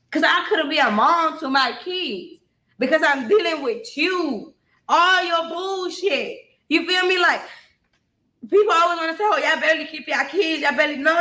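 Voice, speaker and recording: High bright woman telling her story. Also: roomy sound. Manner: blunt, swears freely, addresses listeners as y'all. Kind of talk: emotional personal storytelling.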